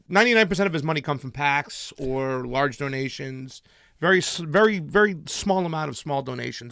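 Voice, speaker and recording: Young male interviewer with a high, dry voice and a chatty questioning style. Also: gravelly, fairly bright tone, smooth, no room sound. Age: young adult. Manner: conversational, quick questions, laughing asides. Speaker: show host. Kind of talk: casual political interview.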